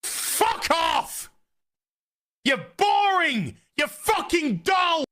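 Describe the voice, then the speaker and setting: A British man in the middle of a profanity-laced video rant, mocking and sarcastic. His voice sits high and bright with a sharp edge to it. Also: sing-song, very slow. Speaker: online commentator. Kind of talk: ranting video monologue.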